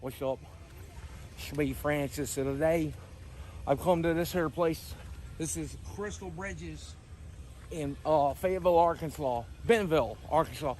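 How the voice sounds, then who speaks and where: Outdoors at a museum, a man puts on a dopey voice to play a dim-witted, brash fat guy, cracking goofy deadpan jokes on camera. His voice is a little high and a little slow, lightly acted, with a faint hiss or hum in the recording.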